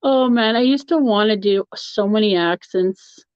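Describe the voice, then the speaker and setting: A woman's voice: medium pitch, moderate pace, darkish tone, clear, resonant tone, no room sound. A woman hosting a live stream, chatting casually with her viewers and laughing often as she rambles. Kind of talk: casual chat answering a live chat. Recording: dull, lo-fi, dry sound.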